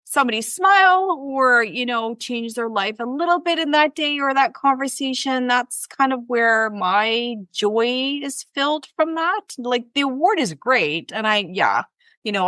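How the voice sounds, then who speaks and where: A woman from Canada, a guest telling a story in casual conversation, with many fillers and lively retellings. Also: high-pitched, unhurried, dry recording. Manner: chatty, lots of fillers, animated retelling. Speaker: interview guest.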